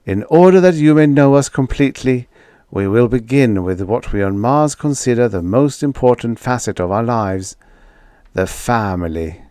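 A man reading an audiobook, voicing a cultured male Martian who speaks clearly and formally. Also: medium pitch, expressive, normal speed, warm tone, no room sound, clean studio sound, lightly acted. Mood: stately. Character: cultured male Martian broadcaster, grand and calm. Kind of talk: audiobook character voice.

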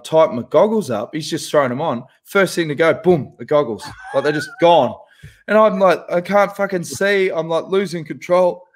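A man, a podcast co-host telling a profane, animated anecdote in casual chat. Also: on the high side. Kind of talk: casual storytelling.

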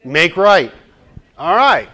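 A man's voice: on the high side, sing-song, takes it slowly, sharp tone. A man teaching a church Bible study class in a conversational way, asking the group questions and joking lightly.

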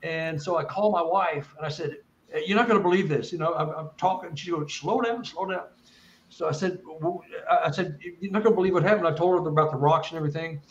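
A somewhat high-pitched man tells his story as a guest speaker, earnest and rambling, often restarting his sentences. His voice sounds echoey and a little muffled, as if heard over a remote link. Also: steady tone, quick pace, a little hiss or hum. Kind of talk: casual first-person storytelling.

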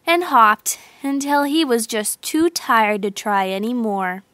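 A woman tells a children's story in a slow, expressive way. Her voice is high and bright. The sound is close and dry. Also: no echo. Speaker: narrator. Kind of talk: storybook narration translated from sign language.

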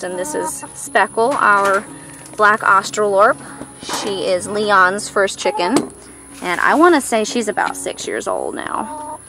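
A woman giving a casual farm tour as a vlogger, often switching to a high, cooing baby-talk voice for the animals. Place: outdoors on a farm. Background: background music.

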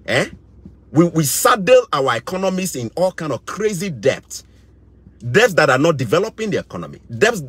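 Man, Ghanaian English accent, middle-aged, husky, lively swinging pitch, indignant vlog commentary, repeats phrases. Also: no echo. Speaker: vlogger. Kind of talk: impassioned commentary.

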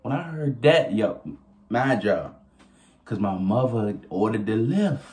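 A young man telling a story casually to his viewers, animated and profane, often laughing as he goes. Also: fairly low pitch, slow pace. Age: young adult. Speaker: vlogger.

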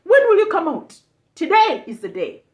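A woman preacher with a high voice that swoops up and down as she delivers a fervent sermon. She drives her points home with repeated lines and sudden shouted bursts. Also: huge pitch swings, moderate pace.

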